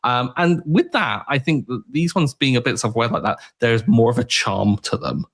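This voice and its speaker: Young male podcast co-host, relaxed and rambling, mid-range voice. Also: mid-range voice, moderate pace, husky. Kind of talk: casual chat.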